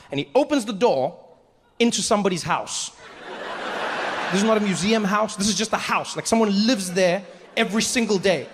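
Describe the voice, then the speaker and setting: High-voiced African man doing stand-up. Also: animated, brisk, big-room sound, a little hiss or hum. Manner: conversational storytelling, lots of asides. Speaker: stand-up comedian. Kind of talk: stand-up comedy.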